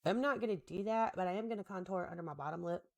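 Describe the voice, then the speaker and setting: A woman's voice: lowish voice, fast, creaky. A woman in her thirties chatting casually while she does her makeup, rambling and joking about herself, now and then talking to her husband. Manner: rambling, self-deprecating, talks to husband between steps. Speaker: makeup vlogger.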